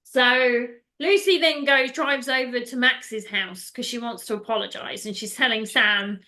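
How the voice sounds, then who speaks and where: Woman rambling through a movie recap, bright higher voice, laughs a lot. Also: fairly even intonation, unhurried. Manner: chatty, laughs often, acts out quotes. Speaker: podcast host. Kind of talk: casual chat retelling a film.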